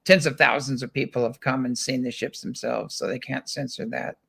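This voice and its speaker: A man from the United States talks casually as a guest, in a voice of ordinary middle pitch. He wanders through anecdotes, restarting phrases and slipping into the voices of people he quotes. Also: steady tone, brisk, vocal fry, pushed and bright, slightly rough. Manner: rambling, repeats words and acts out quotes. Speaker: guest, ranch founder. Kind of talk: casual chat, anecdotal storytelling.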